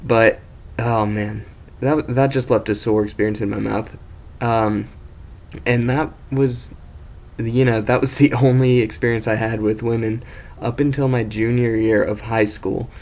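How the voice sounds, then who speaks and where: A man's voice: mid-range voice, steady tone, measured pace, a little mellow. A young man casually telling an embarrassing story as host of his own video series, rambling, self-mocking and swearing freely.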